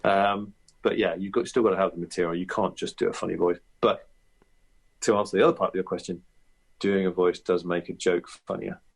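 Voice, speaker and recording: A male comedian talks through his craft as a podcast guest, husky and fairly low in pitch. He rambles in a chatty, reflective way, restarting sentences and tossing in asides. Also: little pitch movement, fairly quick. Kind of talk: podcast interview.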